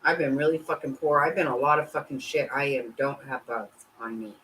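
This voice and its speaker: A woman's voice: fairly quick, slight background noise, poor audio. A woman hosting a casual livestream, talking bluntly and swearing constantly, with her voice swinging up and down. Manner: blunt and heavily profane; animated, swinging pitch. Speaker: host.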